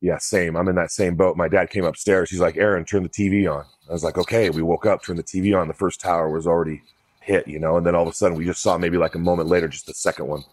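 Deep-voiced casual male interviewer. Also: level tone, fast, darkish tone. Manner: loose, conversational, many fillers and restarts. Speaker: podcast host.

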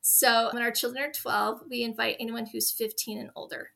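Bright-voiced woman telling heartfelt stories. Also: on the high side, little pitch movement, normal speed, gravelly. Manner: earnest, heartfelt storytelling. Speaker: guest. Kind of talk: interview conversation.

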